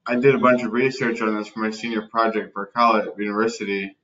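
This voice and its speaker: Low-voiced young man with halting speech. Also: steady tone, a bit bright. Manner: halting, with restarts and broken-off words. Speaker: interview guest. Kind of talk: conversational interview answers. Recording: distant, dull lo-fi recording.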